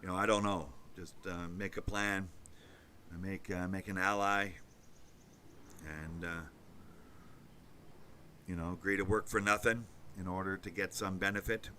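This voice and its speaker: Low-voiced guy ranting casually as host, swears a lot, lots of uhs, pushy bright tone. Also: level tone, measured pace, long pauses, slight background noise. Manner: rambling, profane, many fillers. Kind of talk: casual monologue.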